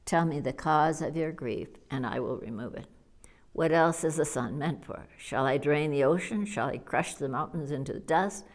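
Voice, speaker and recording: A woman reading the lines of an immense young male demon in a slow, grand manner, as an audiobook character voice. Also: low-pitched, close to an everyday voice. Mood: boastful.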